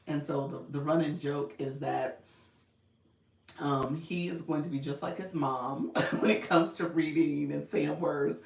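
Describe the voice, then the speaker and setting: Chicago lady chatting on a live stream, laughs a lot, low gravelly voice, roomy sound. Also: steady tone, measured pace, distant mic. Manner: chatty, laughs often, greets viewers by name. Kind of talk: casual live-stream chat. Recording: echoey room, voice a bit off-mic.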